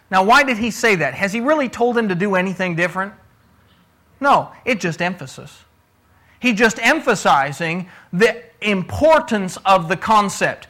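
Guy giving a sermon, high bright voice, keeps asking questions and hammering the point home. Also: lively intonation, moderate pace. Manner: conversational teaching with rhetorical questions; repeats words when restarting, emphatic. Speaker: preacher.

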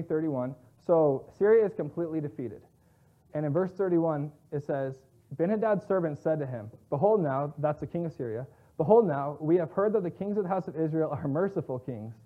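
A man's voice: on the high side, animated, moderate pace. Tinny-sounding man teaching scripture casually. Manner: conversational, paraphrases scripture in everyday slang. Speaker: Bible teacher.

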